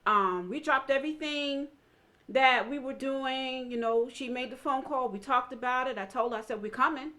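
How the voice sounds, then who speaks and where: A woman with a high voice speaks steadily and earnestly. She keeps the talk flowing with frequent fillers and sounds sincere. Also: normal speed. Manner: steady, earnest, uses many "you know" fillers. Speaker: guest, friend and counselor of the couple. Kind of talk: conversational interview.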